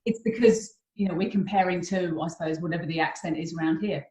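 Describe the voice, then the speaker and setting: A woman's voice: on the low side, fairly even intonation, fast talker, darkish tone, reverberant. A middle-aged woman with a mild Australian accent, chatting casually on a video call as a guest, laughing easily and restarting her sentences. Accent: Australian, softened by years in southern England. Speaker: guest, therapist and painter.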